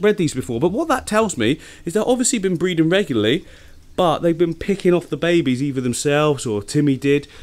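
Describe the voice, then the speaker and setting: A man hosting a fishkeeping vlog from his home tank studio, chatting eagerly to camera with frequent laughs, his voice deeper from the early morning. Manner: chatty and enthusiastic, laughs often. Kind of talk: casual chat to camera.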